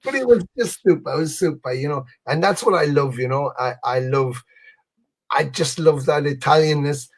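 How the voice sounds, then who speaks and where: A man, a guest musician, telling animated anecdotes in a casual chat over a video call, often saying "you know". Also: medium pitch, moderate pace.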